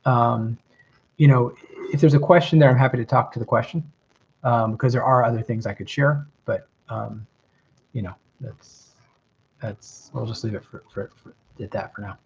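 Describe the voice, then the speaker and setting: A middle-aged man from the American South with a mild Southern accent, hosting a livestream and answering viewer questions in a relaxed, reflective way. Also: medium pitch, normal speed, gravelly, slightly rough. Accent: metropolitan Southern American, mild. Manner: relaxed, reflective, many ums and rights. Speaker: host giving advice, reading viewer questions. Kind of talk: casual livestream chat. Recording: slightly dull lo-fi stream audio.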